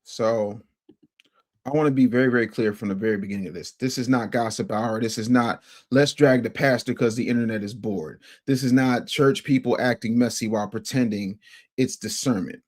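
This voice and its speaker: A man hosting a casual livestream, reading viewer chat and commenting, emphatic and repetitive, swinging from loud outbursts to low mutters. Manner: emphatic, repeats phrases for effect. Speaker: livestream host.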